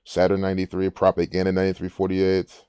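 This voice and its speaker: A man's voice: low-pitched, monotone, fast talker, mellow, smooth, dry recording, clean studio sound. A man hosting a casual commentary, rambling and musing aloud with frequent restarts. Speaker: gematria channel host.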